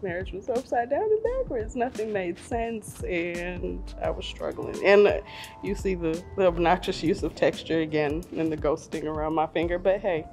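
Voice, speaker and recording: A middle-aged woman chatting casually on her vlog, animated and self-mocking, laughing often. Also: fairly low pitch, moderate pace, soft background music. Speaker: vlogger. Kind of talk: casual chat reviewing old photos.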